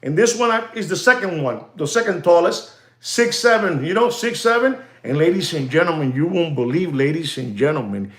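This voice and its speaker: A man hosting a watch market show, talking in a rambling, excitable way and often calling out to ladies and gentlemen. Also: high-pitched, moderate pace, roomy sound. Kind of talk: rambling market commentary monologue.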